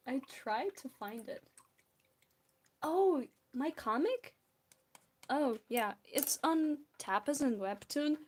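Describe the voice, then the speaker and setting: A woman's voice: sits high, animated, extremely slow, long pauses, darkish tone. A young woman from Belarus with a Belarusian accent, chatting casually and giggling with viewers while drawing on a stream. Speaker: art streamer.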